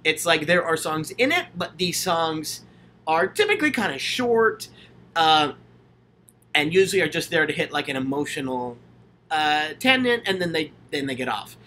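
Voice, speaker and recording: Bright, eager young-sounding man chatting. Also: a little high, sing-song, moderate pace, a little hiss or hum. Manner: enthusiastic, gushing, chatty with many fillers. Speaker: channel host answering viewer questions. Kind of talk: casual livestream Q&A. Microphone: handheld camera, self-filmed.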